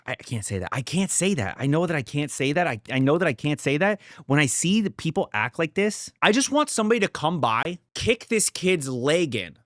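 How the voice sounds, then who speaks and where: Young man, reaction host, casual, swears a lot, blunt, lively pitch, dry sound. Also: moderate pace, hardly any pauses, no room sound. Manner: profane, blunt and worked up, swearing often.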